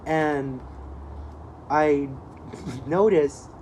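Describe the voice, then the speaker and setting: A man's voice: on the high side, extremely slow, darkish tone, slight background noise, low-quality recording. A man, co-hosting a podcast, tells a rambling story in casual chat, swearing often and laughing as he goes. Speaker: podcast co-host.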